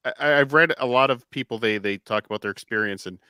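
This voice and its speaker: A man hosting a casual podcast, asking questions with halting, stammering restarts. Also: mid-range voice, bright, forceful tone, smooth, dry recording, clean studio sound. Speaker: host.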